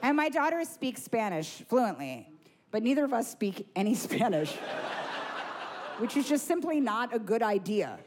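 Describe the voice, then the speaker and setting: A woman's voice: fairly high pitch, normal speed. A woman in her thirties doing a stand-up set, rambling through stories with lots of fillers. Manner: rambling, filler-heavy, animated storytelling. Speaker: stand-up comedian. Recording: noisy live recording.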